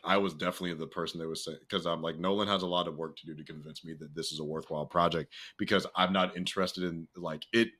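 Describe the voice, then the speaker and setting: A young man co-hosting a casual podcast, talking freely with swearing and laughter, jumping into a high excited voice. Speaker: podcast co-host. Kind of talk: casual chat.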